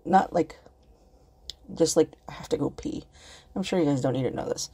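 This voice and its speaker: A woman talking on her own podcast in loose, rambling casual chat, swearing freely and earnest about what she says. Her voice sits a little low and sounds husky and mellow. She talks from her computer at home. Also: moderate pace. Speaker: podcast host.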